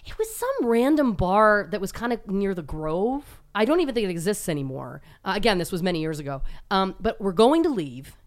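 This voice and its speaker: Woman from Toronto, casual podcast storytelling, laughs a lot, very lively pitch, mid voice. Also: fairly quick, few pauses. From Toronto, Canada. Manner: animated, laughs often, self-deprecating.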